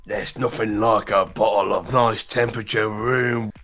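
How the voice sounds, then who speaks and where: A man's voice: lowish voice, steady tone, unhurried, fairly bright tone, faint music behind. Dry-humoured man on a call. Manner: dry, self-deprecating banter. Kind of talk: casual group chat on a live stream.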